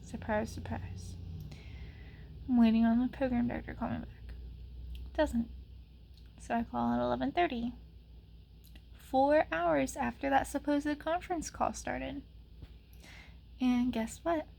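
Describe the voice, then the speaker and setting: A young adult woman vlogging, telling a frustrating story in a sarcastic, exasperated way with many "like" fillers and sometimes dropping to a soft whisper. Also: high voice, steady tone, unhurried, gravelly, pauses often, slight background noise. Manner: drops to soft whispers at times. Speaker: ASMR channel vlogger. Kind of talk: casual storytelling rant.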